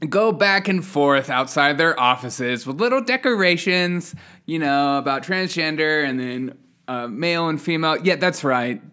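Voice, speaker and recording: A man's voice: a little high, pushed and bright, clean tone. A man hosting a casual news podcast, reading headlines with sarcastic, chuckling asides and a loose, unscripted manner. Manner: loose, unscripted delivery with fillers. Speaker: podcast host.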